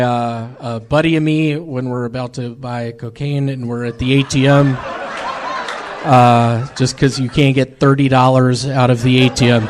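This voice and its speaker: Halting, awkward male comic. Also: mid-range voice, little pitch movement, a little hiss or hum. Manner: halting, awkward delivery full of "uh". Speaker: stand-up comedian. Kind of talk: deadpan stand-up set and chat.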